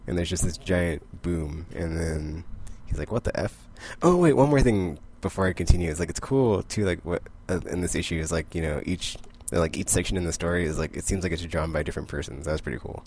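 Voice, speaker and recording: A man's voice: low voice, fairly quick, hardly any pauses, a little mellow, slight background noise. A man casually recapping comic books, rambling and full of "like". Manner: rambling, heavy use of "like". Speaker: comic book vlogger.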